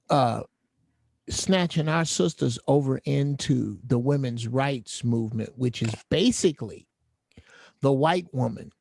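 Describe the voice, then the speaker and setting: A man with a gravelly, creaky voice and a middle pitch speaks slowly in a folksy, rambling way. His thoughts wander through roundabout images. The sound is dry and close. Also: a little mellow, no room sound. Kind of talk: casual chat.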